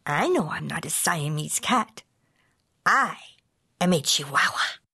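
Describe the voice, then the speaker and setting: A woman voicing a playful boy kitten who thinks he's a Chihuahua, with a put-on Spanish accent and an excitable, sing-song delivery. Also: sits low, slow, vocal fry, slightly rough, voice pushed down, heavily acted. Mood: hushed.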